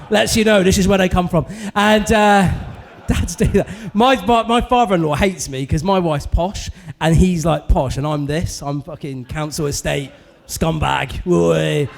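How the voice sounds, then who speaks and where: A man's voice: high voice, normal speed, creaky, hardly any pauses. A man hosting a comedy club night, doing crude, teasing banter with the audience from the stage. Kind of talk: crowd work and stand-up banter.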